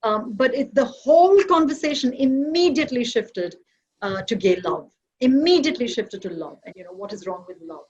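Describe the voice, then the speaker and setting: A woman's voice: a little high, lively intonation, moderate pace, darkish tone, husky, lo-fi sound. A woman from Kerala, India, speaking on an online panel in a reflective, argumentative academic manner.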